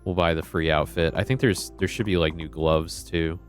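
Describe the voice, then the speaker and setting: A man's voice: deep voice, steady tone, normal speed, soft background music. Chatty man streaming a game. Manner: chatty, easily flustered, laughs often. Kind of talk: casual live-stream chat.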